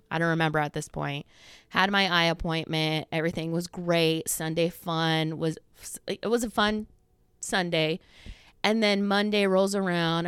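Her smooth voice sits on the low side as this thirty-something podcast host gives a casual, rambling monologue. Clean studio sound with no room sound picks up her fillers, quoted asides, and slight breathlessness.

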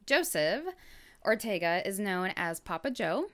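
A woman hosting a podcast, telling a true crime story in a relaxed, casual way with lots of fillers and asides. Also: medium pitch, unhurried.

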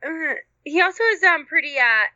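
A young woman co-hosting a podcast, trading blunt and playful remarks about movies. Her voice is bright, a little high and sharp-edged. The recording is close and dry, with no room sound. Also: expressive, normal speed, no echo, lo-fi sound. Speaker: podcast co-host. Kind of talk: casual chat about movies.

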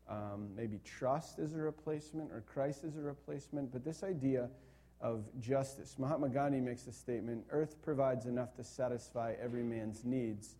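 A man's voice: medium pitch, dark tone. A man, a young to middle-aged pastor, preaching a sermon in an earnest way that builds to emphatic repetition.

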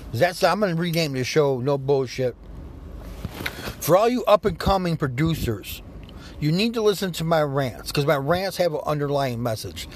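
A man with a fairly high voice hosts a solo podcast rant. He talks bluntly and swears a lot. A faint hiss of noise runs behind him. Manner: blunt, profane, ranting. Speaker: podcast host.

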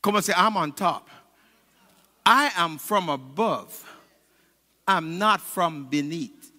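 A man preaching a fervent sermon as pastor of a church, rising to shouted peaks and calling on the congregation to answer back. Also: sits high, big-room sound. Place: church sanctuary.

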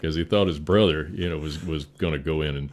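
A middle-aged man with a very deep, low-pitched voice talks casually as a veteran firefighter. He spins folksy stories, laughing along and acting out what others said. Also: steady tone, brisk. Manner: folksy, laughs through stories, acts out quotes. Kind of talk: casual storytelling interview.

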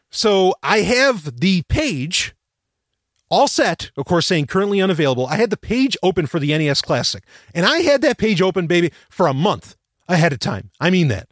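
A man's voice: high-pitched, big pitch swings, normal speed, a bit bright, no room sound, clean studio sound. A man hosting a podcast, telling a rambling story with lots of restarts and the odd swear word. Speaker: podcast host. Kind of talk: casual storytelling monologue.

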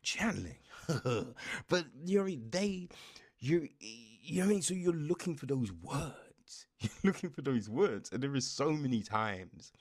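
A man giving a casual film review, profane and animated, often dropping into a whisper and checking in with the listener. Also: medium pitch, moderate pace. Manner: keeps checking in with "you know what I mean".

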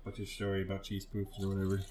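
A man's voice: sits low, completely flat delivery, rapid-fire, crowd noise. A young man hosting a casual podcast, telling prank stories loosely with a lot of swearing and frequent laughter. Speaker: podcast host. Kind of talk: casual chat.

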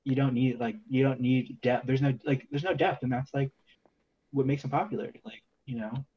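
A man's voice: medium pitch, fairly even intonation, moderate pace, lo-fi sound, slight background noise. A man co-hosting a casual music podcast, laid-back and rambling with lots of filler words. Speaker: podcast co-host. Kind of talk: casual chat.

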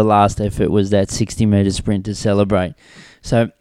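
A middle-aged man hosting a conversational interview, an animated storyteller who laughs often and talks in bursts. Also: on the low side, measured pace, few pauses, no room sound, clean studio sound. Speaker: host and former team staff member.

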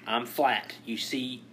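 A man's voice: mid-range voice, wildly swooping pitch, drawn-out words, a bit bright, a little hiss or hum. A man co-hosting a casual comedy podcast, posing riddles and laughing often. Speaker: podcast co-host.

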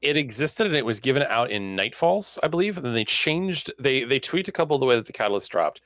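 A young man co-hosting a casual gaming chat, excitable and full of quick restarts. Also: mid-range voice, dry recording. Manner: excitable, talks with lots of restarts and fillers. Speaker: podcast co-host.

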